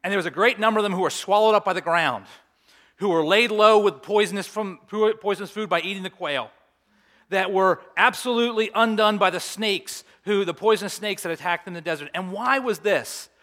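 A man's voice: high-pitched, a little fast, sharp tone. A middle-aged male pastor preaching a sermon in a conversational way, with humorous asides.

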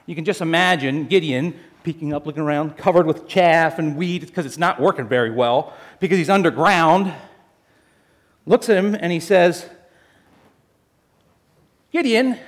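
A male pastor with a fairly high voice preaches a sermon in an animated, storytelling style. He works through the passage while joking with the congregation and calling them folks.

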